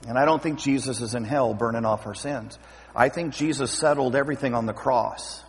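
A man preaching a sermon as pastor, lively and acting out scripture scenes with voices. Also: medium pitch, fairly quick, slight background noise. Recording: long hall reverb.

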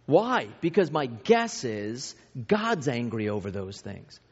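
A man's voice: medium pitch, sing-song, slow pace, breathy edge. A pastor in his thirties or forties preaching a sermon in a conversational way, telling anecdotes about his own family. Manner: conversational, with self-deprecating family anecdotes and many restarts. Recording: reverberant hall, dull lo-fi sound.

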